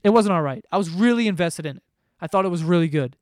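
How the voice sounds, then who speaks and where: A man's voice: high-pitched, lively intonation, fast talker, a little mellow, no echo, clean studio sound. A man in his twenties ranting casually to camera at home, profane and rambling. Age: 20s. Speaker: vlogger. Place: home room below living room.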